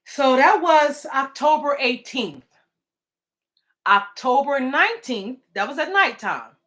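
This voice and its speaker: A woman with a somewhat high voice talks in a casual, rambling way. She sounds indignant and emotional, with plenty of restarts along the way. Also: expressive, slow pace, a bit bright. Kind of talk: casual live video talk.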